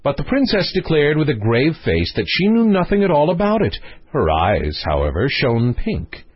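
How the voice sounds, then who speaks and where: A man narrating a fairy tale with a husky voice that swings widely in pitch as he tells the story. The recording is close and dry, with slightly muffled highs. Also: no room sound. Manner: expressive, storytelling. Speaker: audiobook narrator.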